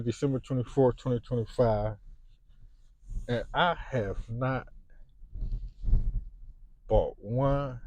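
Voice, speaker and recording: A man's voice: medium pitch, darkish tone, slight background noise. A man in his fifties with a Chicago accent, talking to camera in a rambling, unscripted monologue. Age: 50s. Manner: rambling, frequent fillers and restarts. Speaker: vlogger.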